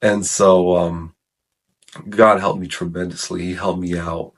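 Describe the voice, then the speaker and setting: A man with a very low voice tells his story of coming to faith in relaxed, conversational talk. He rambles, corrects himself mid-sentence and peppers his speech with "like" and "man". It sounds like an unscripted chat with a listener. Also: unhurried. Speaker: guest sharing his testimony. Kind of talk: casual testimony chat.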